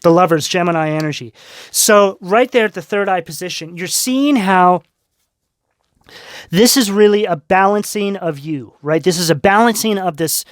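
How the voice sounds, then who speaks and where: Here a high-voiced man reads tarot for an audience, recorded in studio quality with no echo. His delivery is earnest and spiritual, punctuated by frequent "right?" and "okay?" check-ins.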